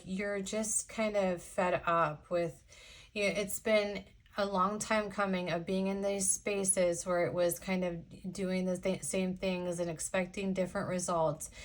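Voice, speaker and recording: A young woman gives a casual tarot reading to her viewers. She rambles in a chatty, sassy way, full of fillers and asides, and her pitch sits in the middle. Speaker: tarot reader.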